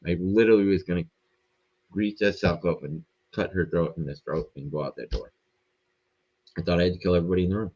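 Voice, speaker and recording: A man appearing as a podcast guest, telling a story in a rambling, profane, animated way. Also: deep voice, fast, pauses often, breathy edge, lo-fi sound. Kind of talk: casual storytelling.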